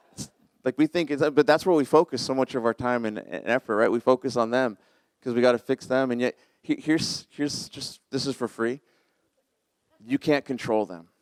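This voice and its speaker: A man's voice: medium pitch, a little mellow, smooth, dry recording. A man in his forties preaching a conversational, self-deprecating sermon as pastor, often laughing at himself.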